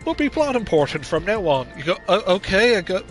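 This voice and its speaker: A man's voice: high-pitched, big pitch swings, fast, faint music behind. A man streaming a game, talking casually in a rambling, chatty way with lots of filler words. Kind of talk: casual gameplay commentary.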